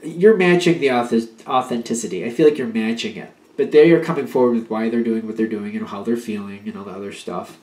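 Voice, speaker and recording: A man's voice: mid-range voice, roomy sound. A man giving a casual spoken tarot reading. He rambles and restarts as he talks, and now and then acts out an imagined partner's pleas. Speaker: tarot reader.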